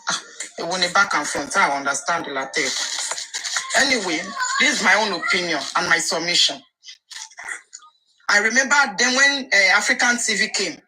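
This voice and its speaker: A woman's voice: mid-range voice, sharp tone, poor audio. A Nigerian woman, a caller in a heated live discussion, talking angrily, insisting and repeating herself, slipping into Yoruba.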